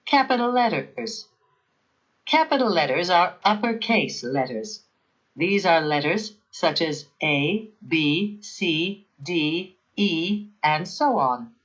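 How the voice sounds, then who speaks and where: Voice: medium pitch, fairly bright tone, muffled recording. A narrator giving a scripted grammar lesson in a careful, evenly paced teaching manner.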